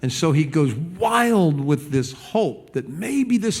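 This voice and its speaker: A man preaching a sermon as pastor, animated and conversational, stumbling over repeated words and acting out the people he quotes. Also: a little high, takes it slowly, slightly rough.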